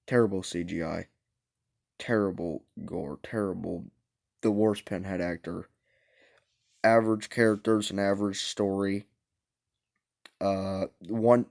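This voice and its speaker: Hushed young man with a gravelly voice. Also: deep voice. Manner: speaks quietly to avoid waking parents, blunt opinions. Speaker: vlogger reviewing movies. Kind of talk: hushed casual movie ranking. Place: home at night.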